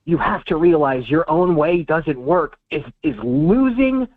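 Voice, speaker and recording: A man with a slightly high voice rants heatedly and swears often while co-hosting a sports talk show. His voice comes through thin and tinny, like a phone call. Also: very animated, a little slow. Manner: heated, profane ranting. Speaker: podcast co-host.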